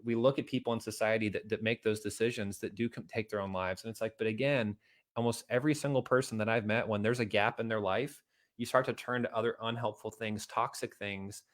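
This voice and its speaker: A man's voice: fairly low pitch, fairly bright tone. A middle-aged man giving a motivational talk to his viewers, earnest and repetitive, rising to emphatic outbursts. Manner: earnest, repeats himself, builds to emphatic outbursts. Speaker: motivational video host.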